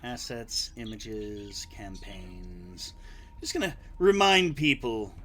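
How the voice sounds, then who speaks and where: Slow, lively-voiced man game master. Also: lowish voice. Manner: meandering, with many fillers. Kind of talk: tabletop game narration and player chat. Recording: faint music behind.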